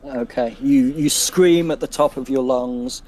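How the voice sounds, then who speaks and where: Slow, hesitant game master. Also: male voice, medium pitch. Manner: hesitant, many fillers, fumbles with the software. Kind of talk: running a tabletop game.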